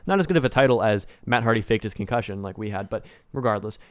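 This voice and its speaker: A man co-hosting a wrestling podcast, chatting in an animated, joking way and slipping into mocking impressions. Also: fairly low pitch, quick pace, no room sound. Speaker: podcast co-host. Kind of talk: casual chat.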